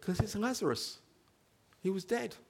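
A man's voice: high voice, moderate pace, gravelly. A man preaching a sermon, telling a story with animation and asking the congregation questions. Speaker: pastor.

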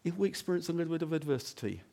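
A man's voice: very animated, racing. Conversational male pastor preaching a sermon. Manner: conversational preaching, frequent "okay?" asides and rhetorical questions; swings between hushed low moments and loud emphatic stretches. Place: church building.

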